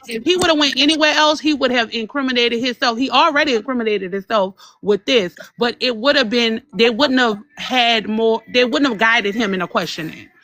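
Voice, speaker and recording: A woman's voice: a little high, sharp tone, no echo. A woman on a live stream giving emphatic casual commentary, repeating her points for force.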